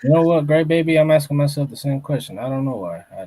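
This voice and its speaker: A man co-hosting a music reaction stream, giving blunt, halting feedback in casual chat. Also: on the high side, animated. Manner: blunt, hesitant restarts. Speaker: co-host reviewing listener tracks.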